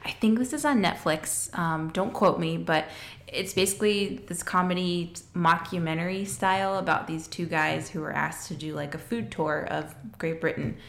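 A woman's voice: lowish voice, steady tone, moderate pace, vocal fry, few pauses, a bit bright, roomy sound. A young woman in her twenties chatting casually and upbeat as a podcast co-host, with lots of fillers. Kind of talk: casual chat.

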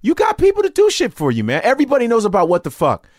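Chicago male comic guest, lively and profane, close dry sound. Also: extremely high pitch, rapid-fire, no echo. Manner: animated, profane, jumps to loud outbursts. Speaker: guest comedian. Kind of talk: casual podcast banter. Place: garage studio.

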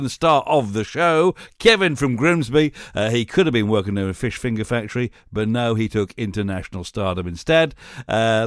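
A man's voice: medium pitch, no room sound, clean studio sound. A middle-aged man, a DJ hosting an interview show, jokey and rambling with frequent restarts. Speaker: radio DJ and podcast host. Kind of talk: casual interview chat.

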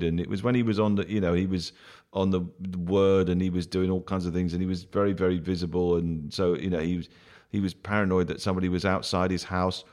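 A comedian guest telling an anecdote in a rambling way, full of fillers and restarts, laughing along. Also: male voice, low voice, a little mellow. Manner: laughs through his own story. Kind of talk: anecdotal storytelling.

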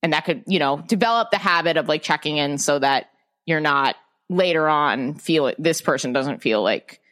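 A young woman with a lowish voice chats on a podcast in an open, candid way. She swears now and then and often breaks off and restarts her sentences as she thinks aloud. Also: animated, moderate pace, fairly bright tone. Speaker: podcast guest. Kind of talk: casual podcast chat.

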